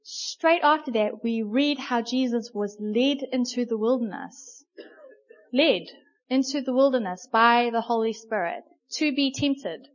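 Here a preacher, a woman with a fairly high-pitched voice, shares her sermon like an animated storyteller, conversational and full of fillers and pauses. The sound quality is lo-fi and muffled.

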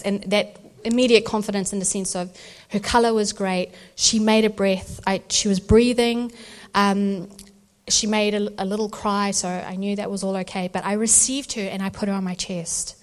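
At a church event, a woman with a medium-pitched voice shares her birth story as a testimony, speaking at normal speed. She tells it with lively animation, acting out the voices of the people involved.

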